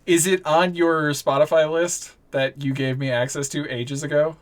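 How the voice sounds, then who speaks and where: A game master narrating a tabletop game in a relaxed, rambling way with many fillers. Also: medium pitch, normal speed.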